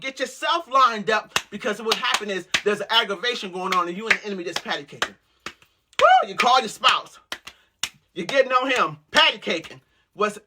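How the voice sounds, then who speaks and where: A woman host preaching to women with loud, exuberant energy, breaking into whoops and repeated calls to listen. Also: on the high side, noisy background.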